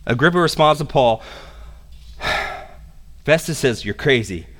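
A man preaching a sermon as pastor, animated and conversational, slipping into casual slang. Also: mid-range voice, takes it slowly. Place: church sanctuary. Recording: long reverb of a church hall.

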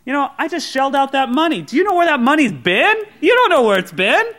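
A man's voice: extremely high pitch, sing-song, fast, sharp tone, full character voice. A man voicing a human hand that is exasperated and complains about doing the dirty work.

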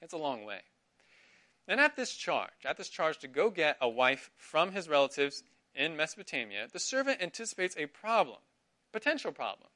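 A middle-aged man runs an interactive Bible class for Sunday school, putting questions to his students and affirming their answers. His voice is a little high and sing-song, with a sharp tone at a moderate pace.

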